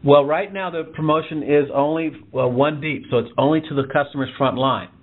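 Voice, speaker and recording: A company representative on the phone explains the plans in a calm, reassuring way, with plenty of filler words. His voice sits a little high. The sound is thin and tinny, as if over a phone line. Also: brisk, slightly rough. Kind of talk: phone conversation.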